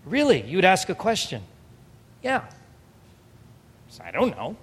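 A pastor in his thirties preaching an earnest, emphatic sermon, moving between soft storytelling and raised exhortation. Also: high-pitched, wildly swooping pitch, a little slow, slightly rough. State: emotional, near tears. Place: church hall. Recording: reverberant hall.

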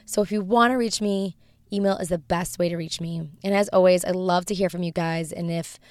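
A woman hosting a devotional show with a raspy voice, teaching and leading a spoken prayer in a gentle manner that often sinks to a soft whisper. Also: lowish voice, fairly even intonation, fairly quick, no room sound, clean studio sound. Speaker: podcast host.

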